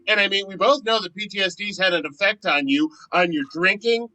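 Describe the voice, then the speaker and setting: A man's voice: high voice, a little fast, poor audio. A man playing an earnest, pleading friend. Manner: pleading, emotional, swings from soft to loud. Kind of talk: amateur virtual stage play.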